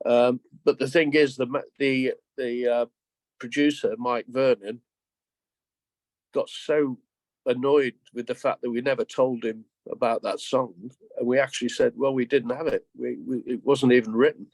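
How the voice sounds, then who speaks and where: An older man in his seventies chats as an interview guest, rambling through stories and stumbling over restarts. His voice sits at an ordinary pitch, recorded dry and close with no room sound. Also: steady tone, normal speed, a little mellow, no echo. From England. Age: 70s. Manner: rambling, anecdotal, frequent restarts. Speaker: guest musician. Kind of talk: casual interview.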